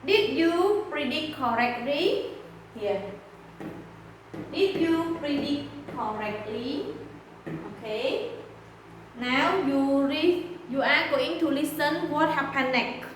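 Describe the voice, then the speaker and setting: A woman teaching an English lesson with a Khmer accent, speaking her first language at times and reading a story aloud slowly and carefully, with small grammar slips. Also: sits high. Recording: echoey room with faint noise.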